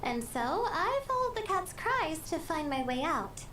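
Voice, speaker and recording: A woman's voice: very high voice, big pitch swings, unhurried, far from the mic, noisy background, exaggerated voice. An actress voicing a shy, sleepy young female scholar in game dialogue who turns hesitant and stammers when flustered. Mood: earnest. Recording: game audio under music.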